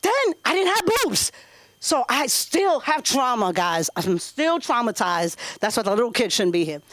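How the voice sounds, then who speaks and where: A woman's voice: on the high side, moderate pace, no echo. A woman in her thirties with a New York accent, doing brash, profane stand-up comedy at an open mic. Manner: brash, profane, loud and animated.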